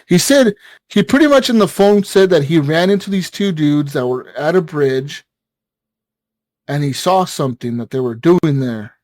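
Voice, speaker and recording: A man with a fairly high voice tells a story on a podcast in loose, excitable chat. He swears constantly and leans on fillers, acting out the people he quotes. The sound is close and dry. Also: moderate pace, no room sound. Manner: excitable, profane, many fillers, acts out quoted callers. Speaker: podcast co-host. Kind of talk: casual chat, retelling a story.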